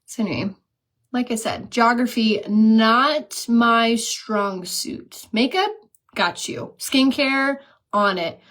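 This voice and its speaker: A woman's voice: a little high, slow pace, fairly bright tone. Chatty woman in her thirties, getting-ready vlog. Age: 30s. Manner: chatty, self-mocking, storytelling, laughs at herself. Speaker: beauty vlogger. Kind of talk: casual chat while doing makeup.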